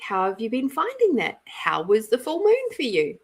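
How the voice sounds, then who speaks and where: A woman's voice: a little high, huge pitch swings, normal speed, slightly rough. A middle-aged woman from Australia hosting a casual live-stream card reading, chatty and giggly, greeting viewers by name. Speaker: intuitive card reader and live-stream host.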